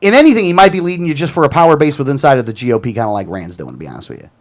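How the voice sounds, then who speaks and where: A man's voice: medium pitch, very animated, rapid-fire. A man hosting a casual political talk show, ranting in a heated, combative way and often repeating himself.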